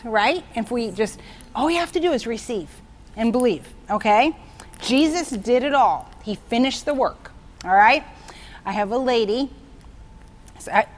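A woman with a fairly high voice gives a chatty, excitable Bible teaching. She tells personal stories to make her points. She keeps checking in with her listeners with "okay?" and "right?".

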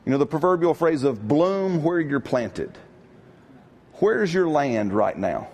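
A middle-aged man preaching a sermon in a lively, conversational way, often asking his congregation questions. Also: on the high side, a little slow, breathy edge. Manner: animated, call-and-response with congregation. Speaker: pastor.

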